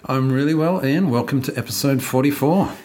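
A man co-hosting a podcast, chatting casually with a relaxed, talkative manner and frequent ums and restarts. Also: medium pitch, fairly quick, a little hiss or hum. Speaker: podcast co-host.

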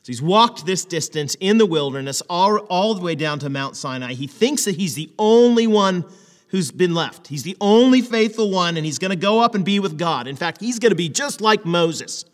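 A man preaching a conversational sermon, animated and full of rhetorical questions. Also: high voice, normal speed, in a large hall. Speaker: pastor.

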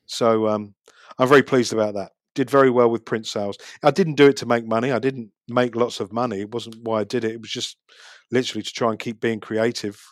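A man's voice: mid-range voice, steady tone, brisk, no echo, clean studio sound. A man, talking casually about street photography and city life, chatty with frequent restarts. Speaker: street photographer, podcast guest. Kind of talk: casual chat.

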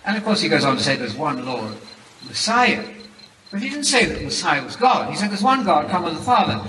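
A British man delivers a formal debate statement in a measured, emphatic manner, slowing down to stress key words. His voice is bright and pitched a little high. He sounds far from the microphone in a big echoing hall. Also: sing-song. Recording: echoey hall, heard from far off, background noise.

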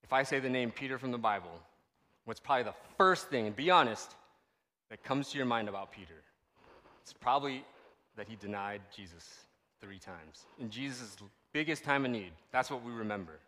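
A pastor gives a casual, conversational sermon, animated and often checking in with the audience by asking "right?" His voice is medium-pitched at normal speed, with a big-room sound.

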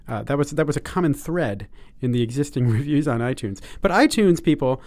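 A man's voice: medium pitch, expressive, brisk, a little mellow. A man co-hosting a podcast in casual chat, upbeat and joking with many fillers. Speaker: podcast co-host.

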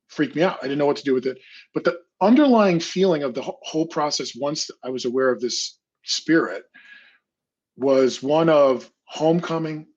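A man with a husky, slightly breathy voice tells a personal story in a loose, casual way, full of "like" and "you know." The recording sounds a bit dull and lo-fi. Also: mid-range voice. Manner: casual, filler-heavy, often acting out his own past voice. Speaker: guest telling his story.

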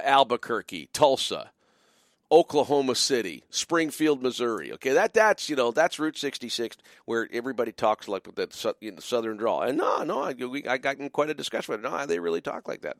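Speaking at medium pitch with a brisk, creaky, very animated delivery, this middle-aged call-in radio host chats loosely on late-night air, restarting often and leaning on fillers. He's also a biker church pastor, and he plays around with mock-drawling asides. The studio sound is clean, with no room sound.

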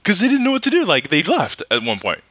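Talking fast in a high, fairly bright voice with big pitch swings, a man co-hosts a podcast and rambles through anecdotes in casual chat. He uses many fillers and acts out quotes; there's no room sound and the highs are cut off.

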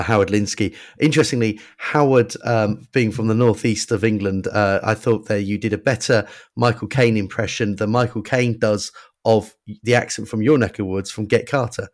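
A man's voice: on the low side, steady tone, moderate pace. A man presenting a radio show, teasing his guest and introducing film choices in a casual chat.

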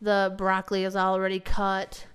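A woman in her forties, a teacher abroad, telling a story in casual chat and mimicking others in a high voice. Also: monotone, moderate pace, clear, resonant tone.

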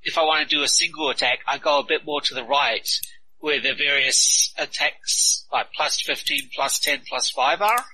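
Man, tabletop player, casual explaining, raised pitch, faint hiss. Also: normal speed, pushed and bright, low-quality recording. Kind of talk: casual chat at a game table.

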